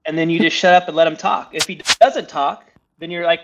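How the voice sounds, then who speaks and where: Fast-talking male sales coach. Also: a little high, highs cut off, background noise. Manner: fast, energetic, coaching with frequent checks like "okay?". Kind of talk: live sales training feedback.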